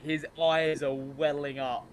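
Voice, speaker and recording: A man's voice: on the high side, little pitch movement, takes it slowly, a loud crowd. Hesitant game master man. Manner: hesitant, many ums. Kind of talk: narrating a tabletop game.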